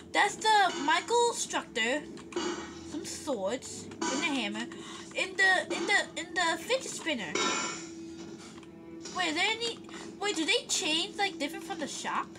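A woman giving live commentary as she plays a video game, full of gasps and excited squeals. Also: extremely high pitch, a little slow, over music. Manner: excitable, gasping, squealing reactions. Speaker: gameplay vlogger.

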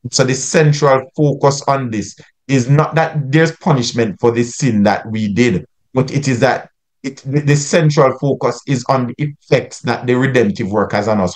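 Jamaican male pastor, mid-pitched, teaching style, asks lots of rhetorical questions. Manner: rhetorical questions, climbs in pitch when stressing points. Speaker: pastor presenting to youth workers. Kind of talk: teaching talk.

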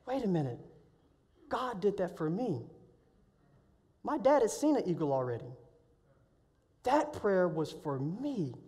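Male preacher in a reverberant hall. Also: high voice. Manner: animated storytelling, rising loud when excited. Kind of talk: sermon testimony.

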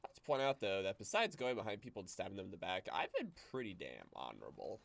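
A man's voice: sits low, big pitch swings, fast, creaky, fairly bright tone. A young adult man streaming a game, making rambling, joking commentary. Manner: joking, rambling and self-mocking. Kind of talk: casual gameplay commentary.

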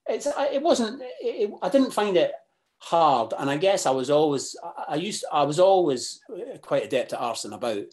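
A Scottish man talking as a podcast guest, halting and full of restarts, then bursting into animated, sweary asides. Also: a little high. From Scotland. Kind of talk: casual interview chat.

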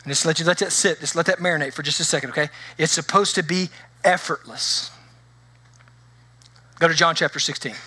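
A middle-aged man preaching a sermon as pastor, telling stories in an animated way and acting out the voices of the people in them. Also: fairly high pitch, very fast, few pauses, slightly rough, no echo. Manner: animated storytelling with acted-out voices.

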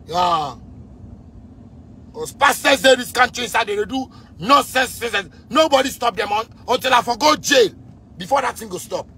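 A man in his thirties with a Ghanaian Pidgin English accent rants at full force, shouting and repeating his points again and again. His voice sits high and sounds bright and gravelly. A faint hiss of background noise runs under the recording. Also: animated, moderate pace, pauses often. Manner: repetitive, shouting, fiery. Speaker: musician ranting on video. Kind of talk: angry rant.

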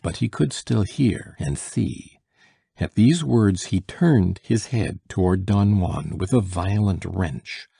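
A man narrating a classic short story as an audiobook, in a measured, dramatic reading. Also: sits low, creaky, warm tone, slightly rough, dry recording, clean studio sound.

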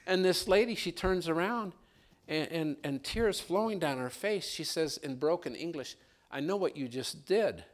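A male pastor preaching a sermon, telling a story with lively, animated delivery that climbs higher and louder as it builds. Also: moderate pace. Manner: animated storyteller, rising and louder when excited.

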